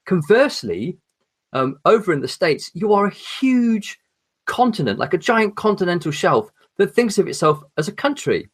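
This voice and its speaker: An articulate man with an English accent, chatting as a podcast guest, pausing often with ums and restarts. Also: high voice, big pitch swings, husky. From England. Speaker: podcast guest, horror author. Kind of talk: casual chat.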